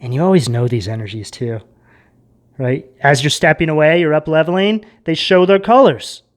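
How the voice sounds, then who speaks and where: Casual tarot reader, chats loosely to camera, lots of "like" and "right?", mid-pitched voice, drifts into quiet asides. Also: moderate pace. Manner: chatty and rambling, with many fillers and tag questions.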